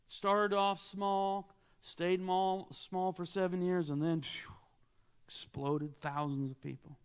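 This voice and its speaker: A man in his sixties preaching a sermon as a guest speaker. He tells a story dramatically, dropping to near whispers and then rising for emphasis. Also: a little high.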